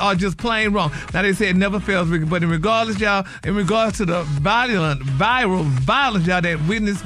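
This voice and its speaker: Brief: campy male gossip host, played by a man, high-pitched, sassy drawl over faint music. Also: pushed and bright. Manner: sassy, peppers every phrase with honey and y'all. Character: flamboyant gossipy male celebrity news reporter. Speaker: gossip segment presenter. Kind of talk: comedic radio character bit.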